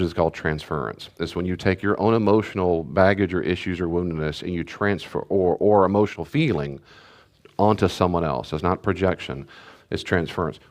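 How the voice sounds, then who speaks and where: A middle-aged man, a pastor, teaching parents in a conversational way, repeating key phrases and acting out parent and child voices. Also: deep voice. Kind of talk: teaching talk to a church group.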